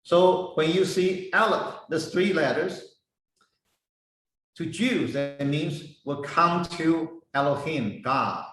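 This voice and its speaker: A man teaching a Bible lesson, slowly spelling out Hebrew words and their meanings one by one. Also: on the high side, expressive, a bit bright. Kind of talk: slow explanatory lesson. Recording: echoey room, voice heard from a distance.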